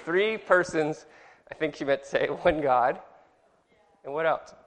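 A man's voice: on the high side, unhurried, fairly bright tone. Chatty man teaching in an echoey hall. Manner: chatty, rambling, quizzes the class, corrects himself. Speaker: Bible class teacher. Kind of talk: informal Bible study lesson. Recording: reverberant hall with long echo.

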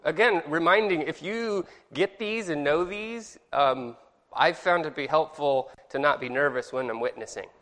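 A man with a fairly high voice teaches an informal Bible study. He rambles in a friendly way, quizzes the class and stops to correct himself. His voice rings out in a hall with a long, lingering echo. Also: moderate pace, fairly bright tone.

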